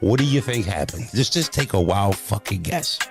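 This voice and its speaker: A man casually telling stories in an animated, profane, slangy way. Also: on the low side, normal speed. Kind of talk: casual storytelling. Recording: music playing clearly behind.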